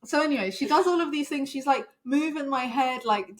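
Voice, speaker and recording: A young woman co-hosting a casual podcast chat, telling a rambling story quickly and laughing often. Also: sits high. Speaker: podcast co-host.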